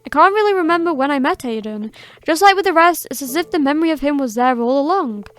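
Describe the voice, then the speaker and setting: Reading video game dialogue, a woman uses a high-pitched, animated voice at a quick pace to play a cheerful, morbid girl who is young and immortal. The delivery is sweet and teasing, unbothered by death, with a reflective mood.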